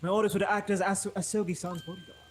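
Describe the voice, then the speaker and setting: A man voicing a quiet male police inspector in a detective game, reading his lines aloud. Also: high voice, level tone, racing, a little hiss or hum, natural voice. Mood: calm.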